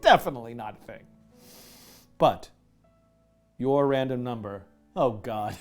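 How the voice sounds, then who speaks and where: A man hosting a live coding stream, chatting casually, animated and self-mocking, laughing often. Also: medium pitch, unhurried, long pauses, soft background music. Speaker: livestream coding host. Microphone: headset with music in his ear.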